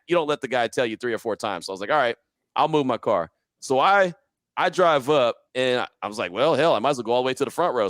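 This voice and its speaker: Fast-talking man telling a story. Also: mid-range voice, no echo. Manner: animated storyteller, acts out his own quotes. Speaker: podcast guest, sports radio host. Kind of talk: casual storytelling interview.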